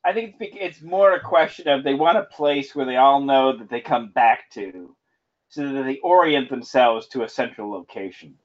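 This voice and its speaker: A man's voice: medium pitch, moderate pace. Lo-fi man explaining in casual chat. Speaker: podcast co-host. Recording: dull lo-fi audio.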